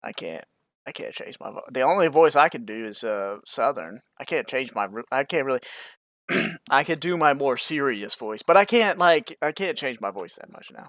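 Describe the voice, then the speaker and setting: A young American man co-hosting a podcast in loose, joking chat, with a bouncy, expressive pitch that swings up and down. His voice is dry and close, with no room echo. He swears freely and riffs on crude jokes. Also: moderate pace. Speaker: podcast co-host. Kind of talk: casual live-stream chat. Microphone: stream microphone.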